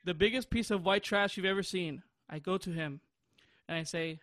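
A high-voiced young man in his twenties rambles through a story on a podcast, often breaking into laughter. The sound is dry and close, with no room around it. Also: steady tone, normal speed, fairly bright tone, dry recording. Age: 20s. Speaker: podcast host. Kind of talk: casual chat.

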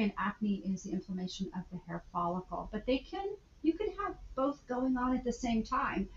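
A woman's voice: mid-range voice, echoey room, muffled recording, a little hiss or hum. A woman guest, a skincare instructor, explaining clinical topics in a casual interview, laughing often and using fillers.

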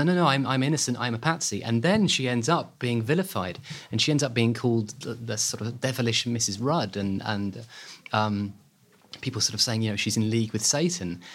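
A man, an author guest, telling a historical story in an animated way with many fillers. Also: mid-range voice. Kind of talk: podcast interview.

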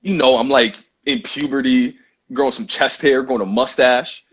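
A man's voice: mid-range voice, moderate pace, husky. A young man, chatting casually as a guest and telling stories full of slang and fillers. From Brooklyn, New York. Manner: animated storytelling with slang and many fillers. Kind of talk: casual chat. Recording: muffled Instagram live audio.

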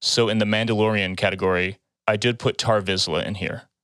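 A man hosting a casual podcast, explaining the draft rules in a relaxed way. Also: fairly low pitch, fairly quick, clear, resonant tone, dry recording. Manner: laid-back, explains rules, laughs often. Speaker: podcast host and draft moderator. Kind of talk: casual chat.

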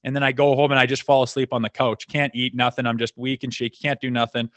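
A man's voice: mid-range voice, fast talker, no echo. Profane storytelling man, dry sound. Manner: profane, animated anecdotes acting out quoted dialogue. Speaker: podcast guest, former hockey enforcer. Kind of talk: casual storytelling chat.

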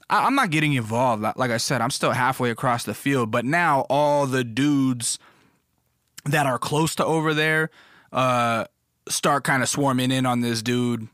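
A man's voice: on the high side, expressive, measured pace, a bit bright, no room sound, clean studio sound. A man telling a rambling, profane anecdote in casual conversational style, full of fillers and asides. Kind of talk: casual storytelling.

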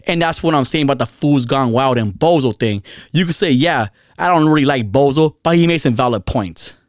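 A man's voice: medium pitch, expressive, brisk, no echo, studio quality. A man ranting casually and heatedly, repeating himself, swearing and using slang. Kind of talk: casual rant.

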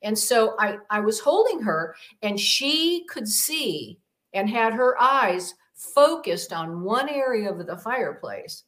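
A woman's voice: fairly high pitch, big pitch swings, takes it slowly, fairly bright tone. A woman guest telling a personal story in an interview, rambling with many fillers and acting out the voices she quotes. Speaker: podcast guest, demonologist.

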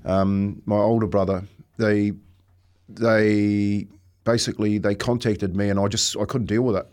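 A man with a New Zealand accent, a former teammate talking casually on a podcast. He speaks in a reflective, halting way, often says "mate", and laughs as he tells stories. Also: lowish voice, flat delivery, darkish tone. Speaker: former rugby teammate, guest.

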